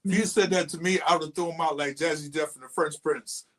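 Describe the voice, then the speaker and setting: A man's voice: on the high side, fairly even intonation, quick pace, a bit bright. A man co-hosting a casual podcast who answers with dry, blunt, teasing comebacks. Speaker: podcast co-host. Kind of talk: casual chat.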